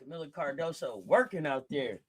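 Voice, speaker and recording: A woman hosting a live game watch-along, talking casually in slang, reacting loudly and shouting encouragement at the players. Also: low-pitched, lively intonation, a little fast, husky. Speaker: sports stream host.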